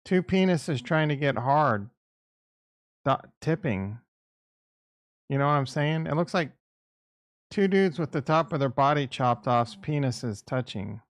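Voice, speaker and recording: A man's voice: medium pitch, expressive, a little slow, no room sound, studio quality. A middle-aged man hosting a livestream, chatting in a blunt, rambling, crude way. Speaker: livestream host. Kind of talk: casual livestream chat.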